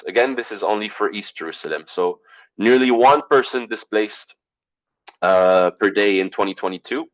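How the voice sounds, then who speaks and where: A man giving an online presentation over a video call, halting with fillers and clearing his throat as he loses his voice. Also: lowish voice, lo-fi sound. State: losing his voice.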